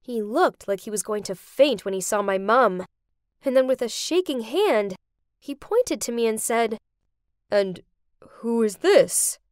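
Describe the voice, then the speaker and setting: Young woman narrating an animated story, high voice, really dramatic, dry close sound. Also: normal speed, dry recording.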